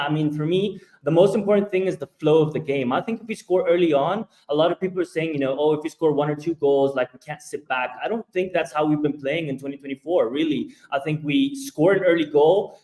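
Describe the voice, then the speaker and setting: A man on a football podcast panel, calmly reasoning through how the game should go. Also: a little high, low-quality recording. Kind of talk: casual chat.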